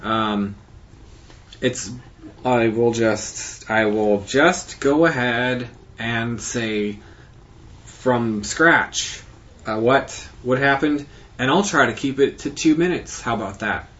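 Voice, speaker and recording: A man hosting his own podcast, recapping his year in a halting, rambling monologue full of fillers and restarts. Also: mid-range voice, a bit bright, muffled recording. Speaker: podcast host.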